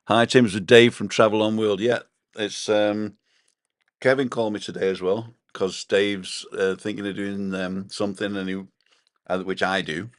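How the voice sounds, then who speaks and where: A man's voice: on the low side, fairly even intonation, moderate pace, dry recording, studio quality. A man co-hosting a casual live stream from his balcony, rambling chattily and reading out viewer comments. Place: home balcony.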